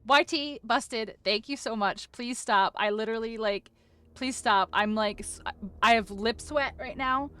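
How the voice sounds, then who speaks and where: A woman's voice: fairly high pitch, measured pace, fairly bright tone, clear, resonant tone. Flustered woman streamer gushing thanks. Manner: flustered, gushing thanks to viewers, stumbling over words. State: overwhelmed, close to tears. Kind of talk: casual live-stream chat.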